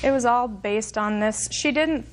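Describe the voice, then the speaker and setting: Slightly high-voiced woman plaintiff. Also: unhurried. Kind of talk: courtroom testimony.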